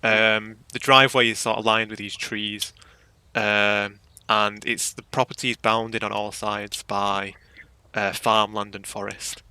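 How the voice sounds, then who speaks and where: A man's voice: lowish voice, level tone, unhurried, pushed and bright, clean tone, no echo. A man narrating a tabletop game as game master in a casual, rambling way full of fillers.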